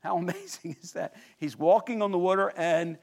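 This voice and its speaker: A man preaching a sermon, telling the story vividly, swinging between lively emphasis and hushed, intense moments and asking the listeners questions. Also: sits high, moderate pace, creaky. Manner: animated storytelling with sudden drops to quiet intensity. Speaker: pastor.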